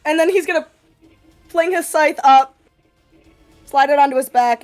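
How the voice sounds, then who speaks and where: High-voiced woman player. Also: a little mellow, faint music behind. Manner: brisk, describing actions. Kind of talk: in-character tabletop role-play.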